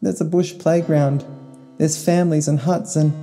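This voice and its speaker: A man's voice: fairly high pitch, fairly even intonation, moderate pace, warm tone, pitched above the performer's own voice, lightly acted. Man putting on a stammering frightened little girl. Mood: tearful. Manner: stammering, tearful pleading. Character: frightened young girl, guilty and pleading. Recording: long reverb, faint guitar music.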